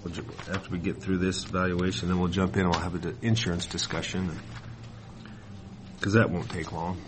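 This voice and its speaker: A man chairing a county board meeting, brisk and procedural with a dry sense of humor. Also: low-pitched, little pitch movement, noisy background. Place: public meeting room.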